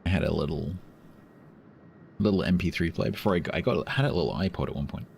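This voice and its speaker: A man's voice: low-pitched, expressive, fast talker, creaky, darkish tone, slight background noise. An English man streaming a game, chatting casually and rambling with dry, self-amused asides as he reads chat. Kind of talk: casual live-stream chat while gaming.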